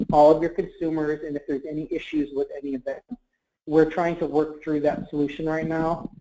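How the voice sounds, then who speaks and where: A man's voice: fairly high pitch, dark tone. A man answering questions in a webinar, explaining policy carefully and hedging, with many fillers. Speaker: government marketplace representative. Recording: muffled webinar audio.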